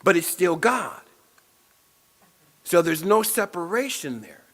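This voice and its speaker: A man's voice: sits high, very animated, slow, a bit bright. A man preaching a sermon in a church, leading affirmations and prayer with repeated phrases. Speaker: spiritual speaker.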